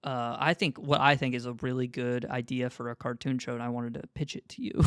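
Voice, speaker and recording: A man's voice: mid-range voice, level tone, a little fast, clear, resonant tone, dry recording, studio quality. A man co-hosting a podcast in casual chat, rambling and laughing often. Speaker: podcast co-host.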